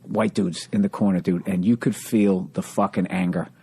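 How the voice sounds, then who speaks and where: A man in casual conversation, telling animated, profane stand-up club stories. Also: sits low, moderate pace, gravelly, slightly rough. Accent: Boston. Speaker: comedian, podcast co-host. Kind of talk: casual chat, storytelling.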